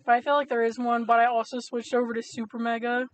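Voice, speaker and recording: A woman co-hosts a podcast with loose, talkative energy, laughing easily between thoughts. Her voice sits a little higher than most. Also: little pitch movement, fast. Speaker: podcast co-host. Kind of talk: casual chat.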